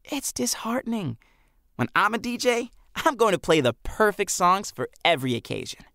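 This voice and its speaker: Man doing a goofy hyper teen boy, pitched up, bouncy, kinda gravelly. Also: no room sound, clean studio sound, full character voice. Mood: excitable. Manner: excitable, showy, quick-witted. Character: chatty, goofy skinny teenage boy. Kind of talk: audiobook character voice.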